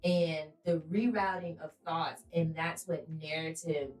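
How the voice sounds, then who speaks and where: A woman's voice: deep voice, measured pace. A woman co-hosts a faith podcast, preaching her points with emphasis and acting out stories as she tells them. Her voice rings in an echoey room, picked up from some distance off the mic. Faint music plays underneath. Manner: emphatic, preacherly, animated storytelling. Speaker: podcast co-host. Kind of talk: faith-based casual podcast talk.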